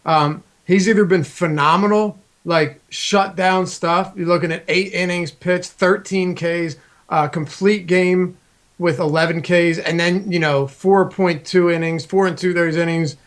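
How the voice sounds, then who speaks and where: Laid-back male co-host, slightly high voice, loose and conversational. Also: unhurried. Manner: relaxed, chatty, drops "man" and stats. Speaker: fantasy baseball show co-host. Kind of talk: casual sports chat.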